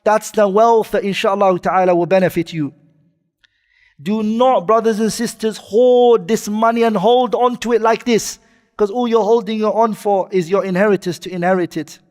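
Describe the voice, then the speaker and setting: Male preacher, high register, delivers a sermon with Arabic quotes and questions to the crowd, reverberant hall. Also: steady tone, moderate pace, darkish tone. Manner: quotes Arabic then explains in English, asks the audience questions. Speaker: Islamic preacher.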